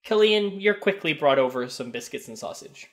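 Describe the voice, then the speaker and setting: A man narrating a tabletop role-playing game as game master, describing scenes in a halting way with many fillers. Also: a little high, lively intonation, a bit bright.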